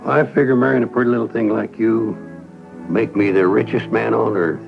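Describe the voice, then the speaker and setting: An older actor playing a folksy, gallant retired Texas Ranger in a 1970 western film, with a drawling manner. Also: male voice, lowish voice, fairly even intonation, normal speed, vocal fry, over music, poor audio. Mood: tender.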